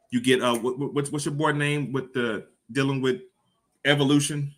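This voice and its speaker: A man's voice: mid-range voice, normal speed. A man giving an informal, preachy lecture, talking over visuals and swearing freely. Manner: animated, profane, preachy.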